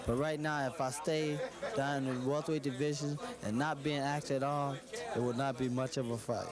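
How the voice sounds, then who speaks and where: A man's voice: medium pitch, fairly even intonation. Boxer guy answering questions, stops and restarts a lot, noisy crowd outside. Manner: halting, repeats and restarts phrases. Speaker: boxer being interviewed. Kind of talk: interview answers.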